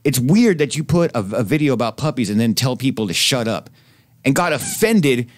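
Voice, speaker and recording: Brief: forties male radio host, lively swings in pitch, fired-up profane anecdotes. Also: normal speed, dry recording, clean studio sound. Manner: heated, swearing storyteller. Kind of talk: casual profane chat.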